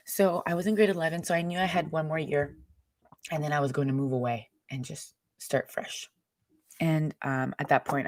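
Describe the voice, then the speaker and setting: A woman's voice: extremely low pitch, no room sound, studio quality. Candid young woman telling her story. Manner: candid, emotional, rambling with many fillers. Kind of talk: personal faith testimony.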